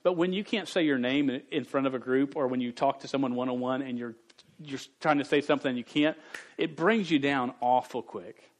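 A man in his forties preaching a sermon to youth, earnest and candid, speaking with a stutter that repeats syllables. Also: medium pitch. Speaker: youth pastor.

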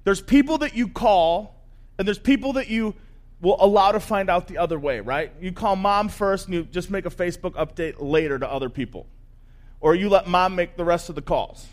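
A man pastor giving a sermon, telling the story in a conversational, animated way. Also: sits high, moderate pace.

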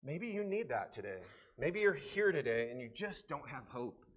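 A man preaching to a church congregation with a somewhat high voice. He swings between hushed, close-in moments and loud, emphatic declarations, and he leans on repeated rhetorical questions. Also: very animated, moderate pace. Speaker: pastor. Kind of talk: sermon with personal testimony. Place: church service.

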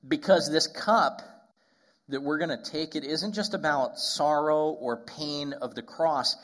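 A man preaching a sermon as pastor, talking conversationally with asides and restarts, and slowing right down on key phrases. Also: fairly high pitch, fairly bright tone.

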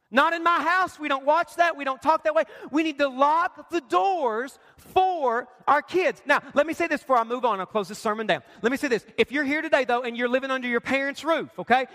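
A man's voice: very high voice, a bit bright. A man preaching a sermon as pastor, emphatic and conversational, firing off rhetorical questions to his congregation. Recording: long reverb of a large hall.

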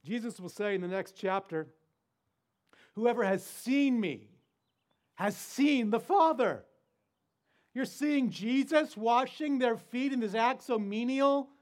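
Male pastor, sermon delivery; high voice, measured unhurried pace, emphatic. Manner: deliberate, emphatic, rhetorical questions.

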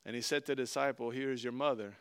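A man's voice: mid-range voice, steady tone, fast talker, clean tone. A male preacher giving a sermon, reading scripture aloud and then explaining it in an earnest, conversational way.

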